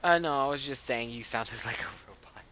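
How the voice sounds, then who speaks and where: A young man running an online tabletop game as game master, chatty and quick to laugh, on a home mic over a voice call. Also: medium pitch, bright, forceful tone. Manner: chatty, laughs often, restarts sentences. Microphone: home microphone on a voice call.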